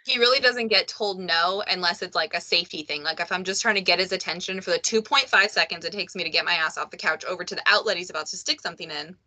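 A woman's voice: on the low side, fast, few pauses, sharp tone. A woman hosting a podcast, chatting frankly and joking, swearing casually. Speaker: podcast host. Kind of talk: casual conversation.

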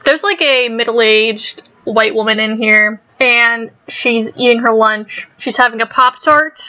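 A woman's voice: on the high side, measured pace, bright, forceful tone, no echo, lo-fi sound. A woman narrating as game master in a tabletop game, with dry, teasing remarks to the players.

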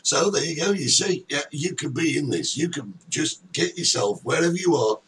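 A man hosting a relaxed chat show, teasing his co-host with a lively, up-and-down voice. He sits a little back from the mic, with a faint hiss behind him. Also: fairly high pitch, moderate pace. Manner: banters, teasing. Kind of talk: casual chat. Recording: distant mic, faint background noise.

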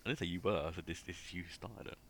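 A man's voice: deep voice, quick pace. A man co-hosting a casual horror film podcast, wry and blunt, teasing the others. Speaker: podcast co-host. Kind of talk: casual film review chat. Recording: faint background noise.

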